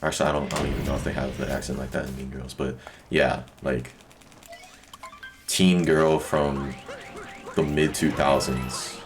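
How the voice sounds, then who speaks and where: Very deep young male streamer, rambling casual chat, lots of fillers, loud game music underneath. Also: flat delivery, brisk. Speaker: speedrunner streaming a run.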